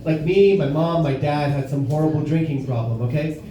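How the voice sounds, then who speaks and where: A man's voice: on the high side, normal speed, warm tone, heavy reverb, a little hiss or hum. A young adult man doing a brash, profane stand-up set in a bar, recorded live from a distance. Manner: brash, profane, self-mocking. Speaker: stand-up comedian. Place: bar comedy stage with live audience.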